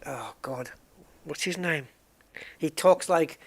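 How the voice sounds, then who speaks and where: A man's voice: a little high, slow, pauses often. A man chatting casually as he plays a game, rambling and often restarting his sentences. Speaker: game streamer. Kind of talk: casual chat while gaming.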